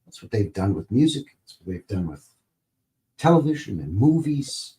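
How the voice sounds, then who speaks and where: A man's voice: lowish voice, big pitch swings, moderate pace, dark tone, slight background noise. A man hosting a live stream, talking casually in a rambling, conversational way, full of "you know" and "right?".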